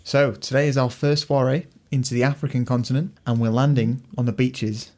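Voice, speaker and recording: Relaxed man co-hosting a podcast. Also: mid-range voice, a little fast. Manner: relaxed, explaining from research. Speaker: podcast co-host. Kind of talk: casual podcast chat.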